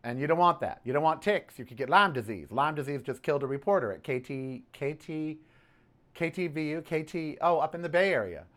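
A man's voice: on the high side, animated, brisk, a bit bright. A man hosting his own podcast, ranting casually about politics and telling a story with sassy "honey" asides. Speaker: podcast host.

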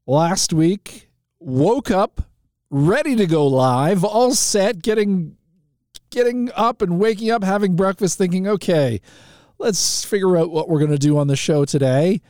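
A Canadian man hosts a live call-in show, rambling easily through his opening with fillers and restarts. His voice sits a little high and he talks unhurriedly. The studio sound is dry and close. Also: animated, measured pace, darkish tone, dry recording. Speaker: talk show host. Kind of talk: casual call-in show monologue.

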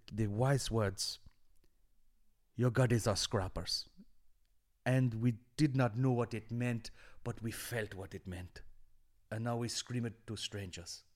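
A man putting on the slow, grave voice of a village elder telling an old story. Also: medium pitch, close to an everyday voice. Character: solemn male village elder recalling old days.

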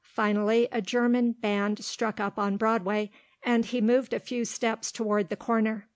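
A woman narrating a storybook in a steady, measured reading voice. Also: fairly high pitch, dry recording. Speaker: audiobook reader.

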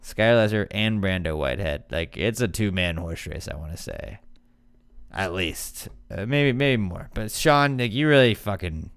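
A man hosts a podcast in loose, joking banter, swearing freely as he works through listener questions. His voice is bright and clean, with a crisp, resonant ring. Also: lowish voice, lively intonation, normal speed. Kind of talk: casual chat.

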